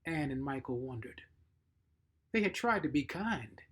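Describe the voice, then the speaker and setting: Husky guy reading a short story slow, measured and expressive. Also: medium pitch. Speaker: narrator.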